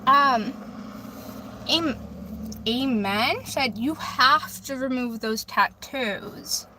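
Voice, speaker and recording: A woman's voice: high voice, very slow, background noise. A woman livestreaming from a phone in her car, casually reading viewer comments aloud and chatting back. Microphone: phone camera.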